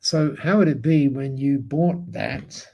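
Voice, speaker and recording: A man quoting a gentle Japanese woman. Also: mid-range voice, gravelly, dull audio. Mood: explaining. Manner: gentle, halting simple English. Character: gentle Japanese woman entrepreneur, soft-spoken, earnest.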